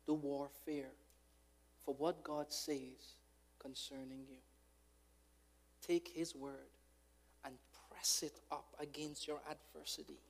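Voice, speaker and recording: A man preaching a fervent sermon as a pastor, building from calm urging to loud, impassioned exhortation. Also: a little high, slow pace, pauses often. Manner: fervent preaching, rising to shouts.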